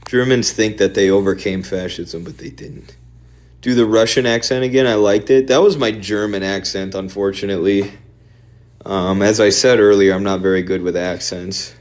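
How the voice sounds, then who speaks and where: A man streaming and answering viewer questions in a quick, offhand, opinionated way. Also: on the low side, steady tone.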